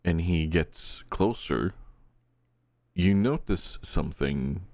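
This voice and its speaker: Deep slow-spoken Norwegian game master. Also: male voice, gravelly, a little mellow, no room sound. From Norway. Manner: hesitant, with many fillers and restarts. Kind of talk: running a tabletop game.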